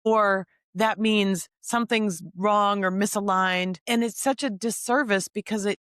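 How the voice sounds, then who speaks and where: A woman's voice: mid-range voice, fairly even intonation, a little slow, fairly bright tone, clean tone, no echo, clean studio sound. A woman podcast host in casual interview chat, speaking thoughtfully and building on her guest's points.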